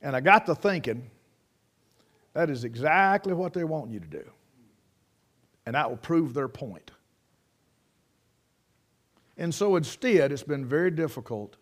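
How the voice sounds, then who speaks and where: A man preaching a folksy sermon, telling homespun stories and sayings and often restarting his sentences. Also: medium pitch. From United States. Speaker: pastor.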